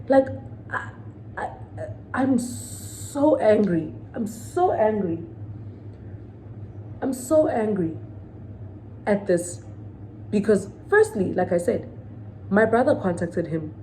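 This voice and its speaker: A woman's voice: mid-range voice, dark tone, slight background noise, rough recording. Indignant woman venting. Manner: indignant, emphatic, repeats points, asks the viewers questions. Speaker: vlogger. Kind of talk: venting storytime to camera.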